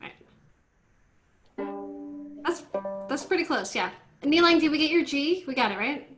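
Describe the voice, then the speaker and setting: A woman teaching an online violin class, coaching students through tuning in a brisk, directive way over a video call. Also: high voice, lively intonation, over music. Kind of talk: online group class instruction. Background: faint violin notes from students.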